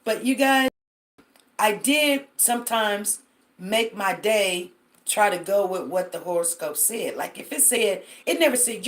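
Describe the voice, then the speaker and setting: A woman chatting casually to her viewers on a live phone stream. She tells stories and fills her sentences with asides. She speaks at a middle pitch and directly addresses her audience. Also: measured pace.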